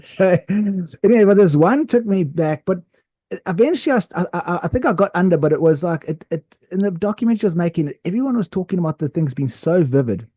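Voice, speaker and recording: Animated man telling a story, dark dry voice. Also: high voice, quick pace, no room sound. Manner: animated, rambling with many "like"s and restarts. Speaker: podcast co-host. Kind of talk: casual storytelling chat.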